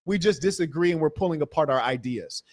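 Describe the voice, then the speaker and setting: A man arguing forcefully in a livestream debate, mocking the views he opposes. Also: a little high, expressive, fast talker. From California-educated; black American. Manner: combative, mocking imitations.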